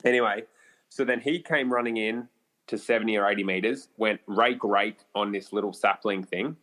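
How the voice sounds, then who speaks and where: Australian man, podcast guest, fairly deep voice, animated storyteller, salty and casual. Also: normal speed. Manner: animated, casual swearing, many fillers.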